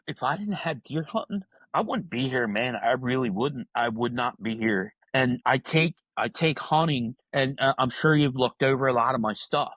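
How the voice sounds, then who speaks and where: An earnest man in his fifties from New Jersey, a retired correctional officer, speaks candidly as a podcast guest in a personal interview. His heartfelt speech repeats "man" often and has many restarts, in a medium-pitched, fairly bright voice. The audio is dull, with no room sound.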